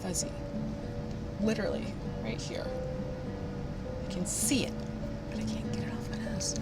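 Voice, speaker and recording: A woman's voice: mid-range voice, animated, moderate pace, over loud music. A woman hosting a crafting video, chatting casually and poking fun at herself for rambling. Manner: chatty and self-mocking, hums and rambles. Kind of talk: casual chat.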